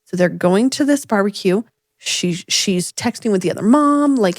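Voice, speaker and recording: A woman co-hosting a podcast, telling a story in a casual chat, with big jumps in pitch when she quotes people. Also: expressive, normal speed, no echo, clean studio sound. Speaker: podcast co-host. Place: home room with dogs nearby.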